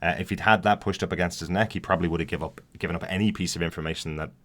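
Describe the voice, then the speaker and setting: A man's voice: sits low, fairly even intonation, very fast, fairly bright tone. A man co-hosting a podcast, chatting casually and enthusiastically about a TV episode and laughing often. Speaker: podcast co-host. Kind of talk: casual TV review chat.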